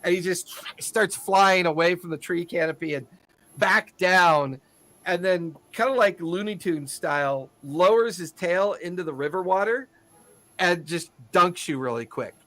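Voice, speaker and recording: A man's voice: high voice, unhurried, pushed and bright. A man narrating a tabletop game as game master, loose and laughing often.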